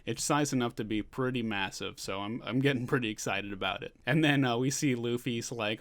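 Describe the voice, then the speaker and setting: A man's voice: medium pitch, fairly quick, few pauses, fairly bright tone. Man rambling through a casual manga recap. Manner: rambling, loosely paraphrases scenes. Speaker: manga reviewer.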